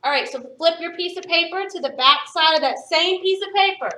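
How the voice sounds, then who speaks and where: A woman teaching a phonics lesson to young students, patient and encouraging, sounding words out slowly. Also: very high-pitched, pushed and bright. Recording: echoey room, voice from a distance.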